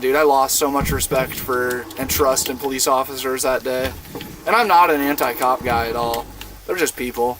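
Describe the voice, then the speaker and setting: This Iowa gaming streamer in his twenties has a mid-range voice, heard over a noisy background inside a van. While streaming a game, he drifts through a profane, meandering story in easygoing chat, stuffing it with fillers.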